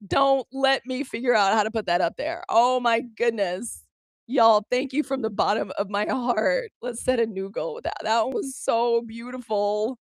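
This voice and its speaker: A woman's voice: fairly high pitch, normal speed, dry recording, clean studio sound. Chatty American woman hosting a live stream. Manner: chatty, fumbling aloud with app controls, addressing viewers as y'all. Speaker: livestream news host. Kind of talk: casual live-stream chat with viewers.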